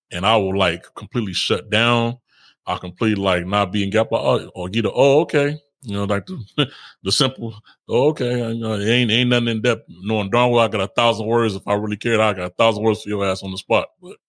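Podcast co-host, male, low voice, dry close sound, laughs a lot, casual slang. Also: fairly bright tone, no echo. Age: adult, older than co-host. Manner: laughs often, slangy and repetitive. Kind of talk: casual relationship chat.

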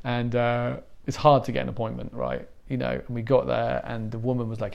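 A man's voice: medium pitch, little pitch movement, a little fast, creaky, a little mellow. A middle-aged Englishman giving a conversational sermon as a pastor, telling stories with self-deprecating humor.

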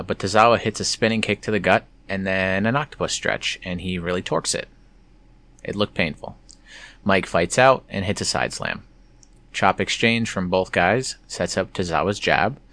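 Low-voiced guy running through a wrestling episode move by move, snarky little side comments. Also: fairly bright tone. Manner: wry, sarcastic asides. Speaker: wrestling show recap host. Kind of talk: casual play-by-play recap.

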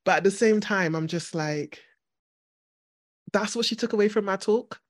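A woman's voice: mid-range voice, moderate pace, no echo, studio quality. A woman hosting a podcast in a casual conversation. She reflects on her experiences in a thoughtful, considered way. She laughs easily as she talks. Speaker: podcast host.

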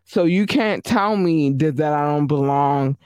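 A man giving a casual vlog monologue, animated and emphatic, often repeating himself. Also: on the high side, a little slow, smooth, dry recording.

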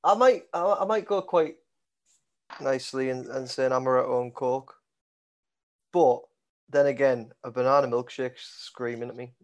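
A man's voice: mid-range voice, normal speed, pauses often. A man in a casual podcast chat, joking in a playful way.

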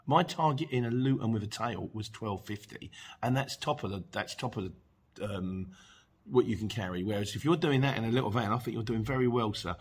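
A man's voice: on the low side, a little fast, slightly rough. A middle-aged man hosting a podcast, reading out listener messages and chatting casually with many restarts and asides. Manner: chatty, rambling, with frequent restarts and laughs. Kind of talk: casual chat.

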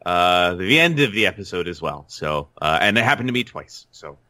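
Deep-voiced man, bright edge, easygoing podcast co-host, lots of uhs. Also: big pitch swings, normal speed, no echo, studio quality. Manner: easygoing, many filler uhs. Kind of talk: casual chat.

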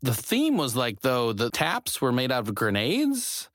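Playful, animated male podcast host. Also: mid-range voice, no echo, studio quality. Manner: jokey, playful, quick asides. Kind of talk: casual chat.

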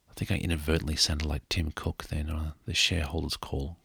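A man's voice: extremely low pitch, fairly even intonation, brisk, gravelly, few pauses, bright, forceful tone, husky, dry recording, studio quality. A middle-aged man with an Australian accent tells a rambling travel story in a casual monologue, joking at his own expense. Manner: rambling, joking, self-mocking.

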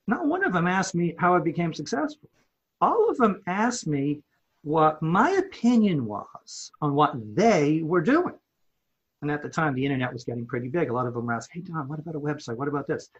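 A man's voice: a little high, creaky, breathy edge, muffled recording. A man, a company owner and podcast guest, telling a personal story in a casual, candid way and acting out the quoted dialogue. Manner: animated storyteller who acts out quoted dialogue; casual and candid, with mild swearing.

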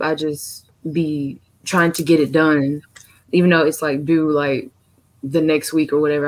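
A teenage girl talking casually as a guest on a live show. Her voice sits low for her age, and she speaks hesitantly and softly, with lots of fillers. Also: poor audio. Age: teens. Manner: soft-spoken, hesitant, uses many fillers. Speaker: guest, the host's daughter. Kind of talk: casual conversation.

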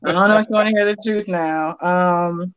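Candid, laughing woman with a low voice. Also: fairly even intonation, normal speed, clear, resonant tone, no room sound, highs cut off. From Boston, United States. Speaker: real estate agent, guest. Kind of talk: casual interview chat.

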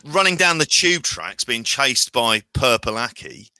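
A man's voice: mid-range voice, big pitch swings, unhurried, pushed and bright, no echo. A man in a casual podcast chat, rambling and restarting his sentences as he jokes. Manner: rambling, self-correcting banter.

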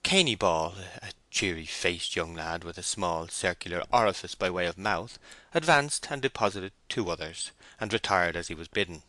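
A man reading a classic novel aloud in a measured, deliberate narration. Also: low voice, expressive, sharp tone, dry recording. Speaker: audiobook reader.

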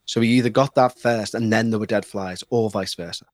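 A man with a Liverpool accent, a podcast guest telling a story in an animated, excitable way and mimicking the people in it. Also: fairly low pitch, a little fast, no room sound. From Liverpool, England. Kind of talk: casual storytelling.

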